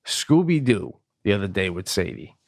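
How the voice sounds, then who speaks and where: A man co-hosts a podcast in casual chat, telling stories with animated indignation and frequent swearing. His voice has a gravelly rasp, and the recording is dry and close with no room sound. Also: low-pitched, moderate pace, dry recording. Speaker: podcast co-host.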